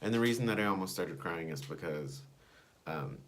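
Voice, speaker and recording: Low-voiced man telling a rambling story. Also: lively intonation, normal speed, fairly bright tone, slight background noise. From United States. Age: young adult. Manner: rambling, digressive, with many fillers. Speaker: vlogger. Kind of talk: personal storytelling to camera.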